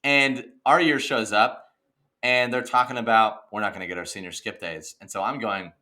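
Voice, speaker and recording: A young man co-hosting a podcast, telling a story in a casual, animated rant and saying "dude" and "okay" a lot. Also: fairly low pitch, normal speed. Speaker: podcast co-host. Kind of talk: casual chat.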